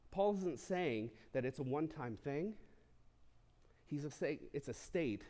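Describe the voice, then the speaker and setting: A man's voice: a little high, lively intonation, measured pace, a little mellow. A man pastor preaching a sermon, teaching through a text with casual asides to the congregation.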